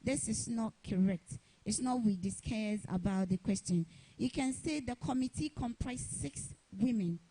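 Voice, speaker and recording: Woman teacher, slow deliberate delivery that repeats each example, mellow and fairly high voice. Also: breathy edge, rough recording. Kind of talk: televised English grammar lesson.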